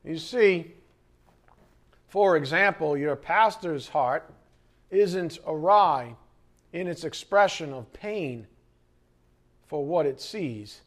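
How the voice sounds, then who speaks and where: A male pastor delivering a sermon with a slightly high-pitched voice. He moves between animated, emphatic preaching and relaxed, conversational asides to his listeners. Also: takes it slowly, long pauses. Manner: animated preaching, acting out scripture quotes and asides; conversational, with chuckles and direct questions to the congregation.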